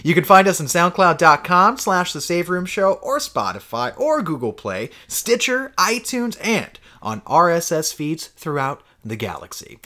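Animated joking podcast host, a man. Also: fairly high pitch, unhurried, few pauses. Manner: animated, joking storyteller who swears a lot. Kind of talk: casual podcast chat.

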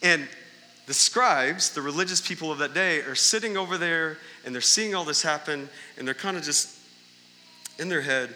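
A man's voice: fairly high pitch, normal speed, bright, forceful tone, long reverb tail, a little hiss or hum. A male pastor preaching a sermon in a church, talking conversationally and tossing in rhetorical questions and "right?" asides. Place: church sanctuary during a service.

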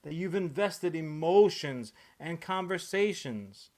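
A man's voice: on the high side, expressive, takes it slowly, darkish tone. A man hosting a podcast in casual chat, ranting with lots of swearing and filler words. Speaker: podcast host.

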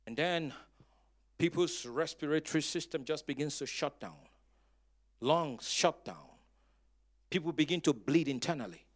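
A male pastor with a high voice preaches with dramatic force, breaking into loud emphatic bursts. His pitch swings widely as he tells stories with a touch of humor and urges the congregation to answer back. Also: expressive, moderate pace, pauses often. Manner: storytelling with humor. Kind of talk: sermon.

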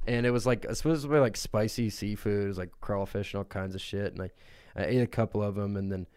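A man's voice: lowish voice, fast talker, smooth, no echo, clean studio sound. A man co-hosting a podcast, telling crude stories in a casual comedic chat and often breaking into laughs. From United States. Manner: crude, laughing, animated storytelling. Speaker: podcast co-host.

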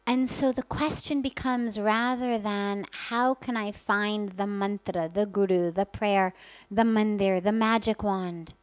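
A woman's voice: medium pitch, steady tone, unhurried, no room sound, low-quality recording. A woman spiritual teacher giving an earnest talk, telling stories and stacking up lists. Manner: earnest, gentle storytelling with many lists.

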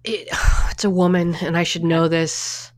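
A woman's voice: on the low side, little pitch movement, measured pace. A middle-aged woman co-hosting a casual chat, telling personal stories with lots of restarts and the odd swear word. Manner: chatty storyteller with frequent restarts and swearing. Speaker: podcast co-host.

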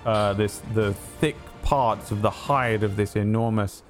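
A man's voice: lowish voice, a little slow, hardly any pauses, soft background music. Man running a tabletop game, teasing. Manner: vivid, dryly teasing narration. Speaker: game master.

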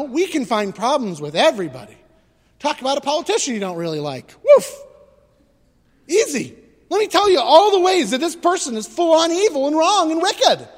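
A man preaching a conversational sermon, animated and full of rhetorical questions. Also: very high-pitched, big-room sound. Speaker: pastor.

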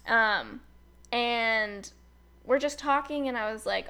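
A woman's voice: fairly high pitch, unhurried, creaky. Chatty young woman telling a story. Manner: chatty, fillers like "like", animated retelling with quoted voices. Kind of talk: casual storytelling chat.

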